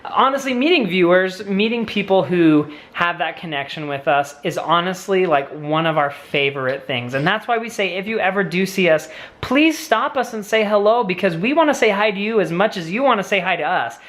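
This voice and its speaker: A man's voice: high-pitched, expressive, moderate pace, fairly bright tone. A young man co-hosting a family vlog Q&A, chatting eagerly with rambling asides and restarts. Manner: enthusiastic, rambling, lots of fillers and restarts. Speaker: vlogger co-host. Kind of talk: casual Q&A chat.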